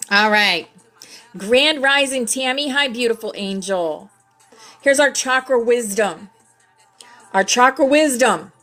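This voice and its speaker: A woman with a fairly high, hoarse and scratchy voice hosts a relaxed spiritual class. She talks very slowly and with a lot of feeling, pausing to read each affirmation aloud, and soft music plays faintly behind her. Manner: slow, lively, says affirmations aloud. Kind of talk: casual livestream class, reading affirmation cards.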